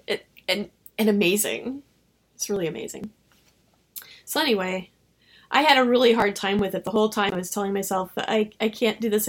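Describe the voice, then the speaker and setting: A woman novelist being interviewed, telling stories in an animated way and acting out her own dialogue. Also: medium pitch, vocal fry, husky. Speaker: novelist guest. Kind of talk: casual interview storytelling.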